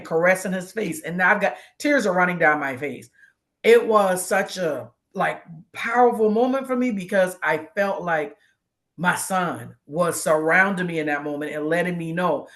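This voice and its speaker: A woman's voice: fairly low pitch, normal speed, a bit bright. A woman guest co-host sharing a tearful, heartfelt personal story in casual conversation, often quoting what people said to her. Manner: heartfelt, tearful storytelling with many quoted exchanges.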